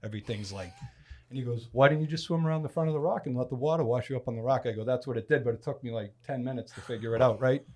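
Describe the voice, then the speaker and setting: A man from Massachusetts tells a long story on a podcast in a casual, chatty way. His voice sits at an ordinary middle pitch, and he swings it widely to act out the people he quotes. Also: very fast. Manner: animated storyteller, acts out quoted speech with loud bursts. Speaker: podcast guest.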